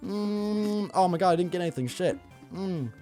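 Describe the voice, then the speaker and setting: A man hosting a let's play video, talking in an excitable, hyped way with casual swearing. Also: high voice, quick pace, faint music behind. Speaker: gaming channel host.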